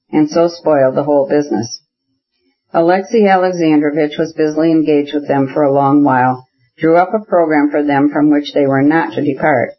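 Husky man narrating a novel, slightly raised pitch, dull lo-fi recording. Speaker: audiobook narrator. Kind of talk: scripted narration.

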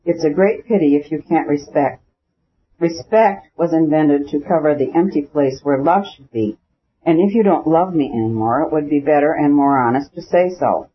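A man's voice: on the high side, moderate pace, breathy edge. A man reading an audiobook, voicing a proud, jealous young noblewoman who pleads and accuses bitterly, on a dull lo-fi recording.

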